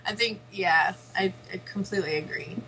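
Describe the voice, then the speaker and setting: A woman's voice: medium pitch, moderate pace, crowd noise, rough recording. A woman guest and parent talking candidly in a conversation, often breaking into small laughs. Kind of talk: personal storytelling in conversation.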